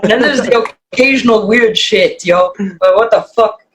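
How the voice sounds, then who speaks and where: Swearing, animated woman telling a story. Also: moderate pace, a little hiss or hum, low-quality recording. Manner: animated storyteller, swears freely, voice jumps high when quoting. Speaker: guest. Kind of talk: casual podcast chat.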